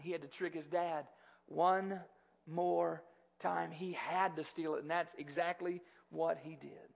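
A male pastor giving a sermon, reading scripture aloud and then explaining it in animated, conversational words. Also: high voice, vocal fry. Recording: slightly dull lo-fi sound.

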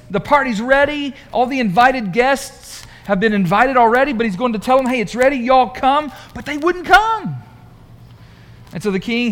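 A man preaching a sermon in a conversational, animated way, asking the congregation questions. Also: extremely high pitch. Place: church room.

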